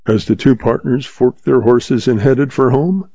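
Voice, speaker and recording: A man narrating a western story in a steady, measured reading. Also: medium pitch, no echo. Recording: dull lo-fi sound.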